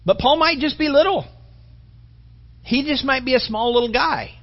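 A man's voice: very high-pitched, moderate pace. A male pastor giving a joking, rambling conversational sermon in a dull recording. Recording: dull lo-fi sound.

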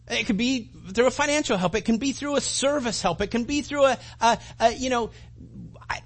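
A man preaching a conversational sermon, animated and full of restarts and acted-out asides. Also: high voice, breathy edge. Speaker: pastor.

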